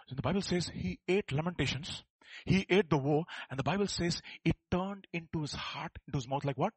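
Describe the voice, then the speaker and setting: A man preaching a sermon, swinging between loud emphatic calls and quiet asides and prompting the congregation to respond. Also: fairly high pitch, fairly quick, husky, dry recording, poor audio. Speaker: pastor. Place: church service.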